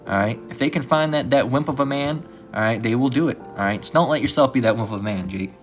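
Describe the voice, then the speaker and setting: A man's voice: mid-range voice, fast, faint music behind. A man giving a casual religious lesson in a blunt, profane way, often tagging his points with "all right". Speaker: religious teacher.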